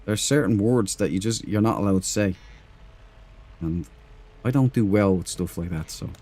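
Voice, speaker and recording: A man's voice: lowish voice, moderate pace, dark tone. An Irish man streaming a space game, chatting casually to his viewers as he plays. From Ireland. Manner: chatty and rambling, talks to chat and in-game crew. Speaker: gaming streamer. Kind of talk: casual commentary over gameplay.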